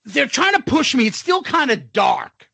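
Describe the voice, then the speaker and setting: A raspy man with a high, lively voice spins a profane story for his podcast co-host, acting out every person he meets. The sound is close and dry. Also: measured pace, no room sound. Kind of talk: casual storytelling chat.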